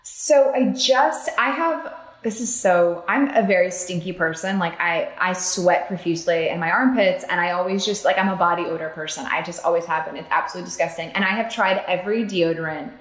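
A woman guest on a podcast, telling lively stories about family in casual chat. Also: lowish voice, a little fast. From North Carolina, US. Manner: animated, laughing storyteller. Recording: roomy echo.

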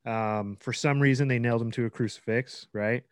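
A man's voice: mid-range voice, fairly even intonation, brisk, clean tone, no room sound, clean studio sound. A man co-hosting a podcast in casual chat, rambling through ideas, swearing and laughing often. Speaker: podcast co-host.

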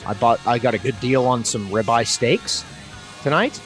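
Male co-host, bouncy animated delivery, playful ribbing, dry sound over faint music. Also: mid-range voice, normal speed. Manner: teasing, playful. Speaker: podcast co-host. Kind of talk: casual chat.

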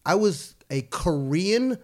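A man chatting as a podcast guest, his pitch swinging widely as he tells stories. He laughs a lot and swears freely. The tone stays loose and animated. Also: slow pace. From United States. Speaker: guest, actor and writer. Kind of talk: casual interview chat.

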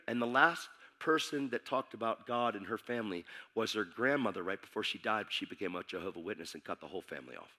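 A man preaching a testimony, animated and emphatic, dropping to a hush and then shouting as he acts out the scenes. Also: on the low side, fast, hardly any pauses. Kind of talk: sermon testimony storytelling.

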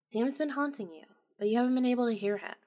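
A woman's voice: a little high, quick pace, a little mellow, natural voice. A woman voicing a frank, outspoken man who swears when worked up, in a ghost story. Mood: earnest. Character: blunt loud man, brother-in-law, caring.

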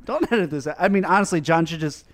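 A man's voice: fairly high pitch, expressive, fast talker, crowd noise. A man co-hosting a podcast, joking in playful banter. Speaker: podcast co-host.

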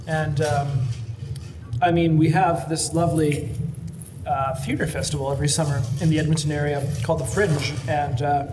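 Enthusiastic higher-voiced man host. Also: flat delivery, normal speed. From Canada. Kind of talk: casual food-review chat. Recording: clear background noise.

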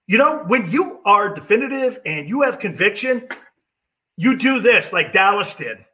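A man's voice: high-pitched, sing-song, moderate pace, sharp tone. A middle-aged man hosting a sports talk show, brash and mocking as he rants about quarterbacks. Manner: brash, mocking, puts on whiny impressions. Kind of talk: opinionated sports talk monologue.

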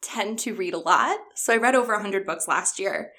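A woman talking in a chatty, enthusiastic way, breaking into laughter often. She is a children's librarian on a podcast, and her pitch sits in an ordinary middle range. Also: normal speed, bright, forceful tone. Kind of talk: casual podcast chat.

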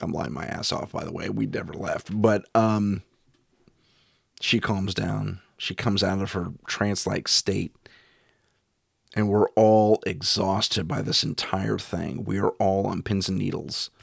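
A man's voice: low voice, fairly even intonation, a little slow, creaky, slightly rough, no echo, studio quality. A middle-aged man, a paranormal investigator, recounting a ghost investigation in a wry, chuckling way.

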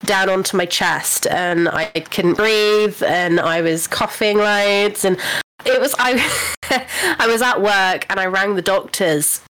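A woman's voice: mid-range voice, slow, fairly bright tone, poor audio. A young British woman co-hosting a podcast, telling a long casual story and acting out the people she quotes. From United Kingdom. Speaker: podcast co-host. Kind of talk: casual chat.

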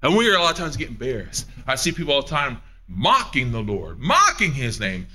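A man preaching a sermon, emphatic, asking the listeners questions and swinging between loud and hushed. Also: mid-range voice, very animated, fairly quick, few pauses, slightly rough. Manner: asks the audience questions.

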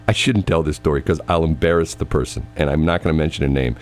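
A man co-hosting a casual talk show, animated and laughing, his voice leaping up when he is incredulous. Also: very deep voice. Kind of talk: casual banter.

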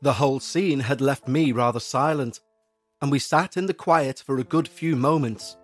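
A man in measured, scripted narration of a listener's eerie story. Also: medium pitch, faint music behind.

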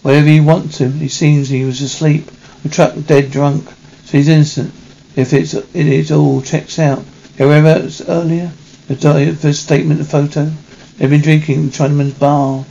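A man reading a film script aloud in a halting way, correcting himself as he goes. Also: a little high, level tone, vocal fry, dark tone, highs cut off. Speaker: reader.

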